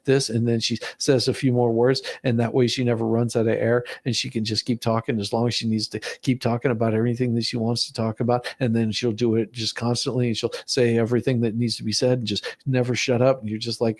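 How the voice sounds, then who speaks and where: A man with a gravelly, creaky voice reacts to video clips in a commentary vlog. He talks sarcastically, cracking mocking jokes and laughing often. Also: mid-range voice, flat delivery, fairly quick, few pauses.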